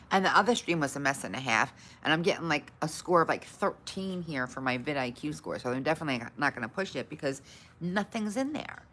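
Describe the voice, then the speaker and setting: A woman hosting her own livestream, grumbling about her tech troubles and brightly greeting her viewers. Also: low-pitched, expressive, a little fast, a little hiss or hum. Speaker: livestream host. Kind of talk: casual livestream chat.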